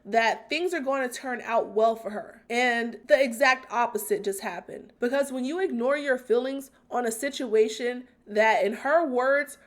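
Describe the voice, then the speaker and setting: Female commentary host, a bit high, earnest and emphatic analysis. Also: moderate pace, few pauses. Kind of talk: scripted commentary.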